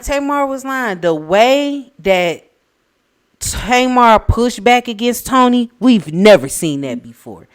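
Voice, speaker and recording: A woman co-hosting a casual reality TV recap podcast, speaking in with a blunt, opinionated, animated manner. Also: medium pitch, clean tone. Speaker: podcast co-host.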